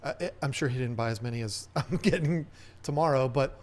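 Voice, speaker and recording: A man's voice: mid-range voice, brisk, darkish tone. A man hosting a casual livestream Q&A, chatting in a rambling way and reading viewer comments aloud. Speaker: host.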